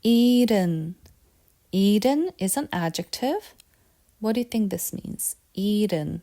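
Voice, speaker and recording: Mellow-voiced woman teaching vocabulary. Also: medium pitch, animated, normal speed, pauses often. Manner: patient and repetitive, asks quiz questions. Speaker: Korean language teacher. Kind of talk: lesson.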